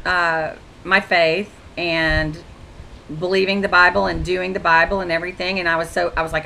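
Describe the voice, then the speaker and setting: A woman with a lowish, pushed, bright voice recounts faith stories for her Christian vlog in a casual testimony monologue, full of quoted dialogue, acted-out conversations and frequent restarts. The recording sounds rough, with slight background noise.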